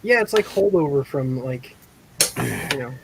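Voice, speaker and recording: A man co-hosting a casual chat, relaxed and agreeable, often hesitating before he speaks. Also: mid-range voice, measured pace, gravelly, breathy edge, poor audio.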